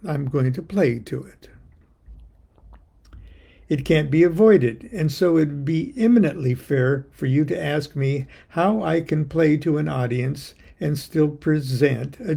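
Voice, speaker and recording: An older man who writes about the occult reads a poem, then shifts into a wry, theatrical monologue. His gravelly, husky voice sits a little high and carries a warm tone.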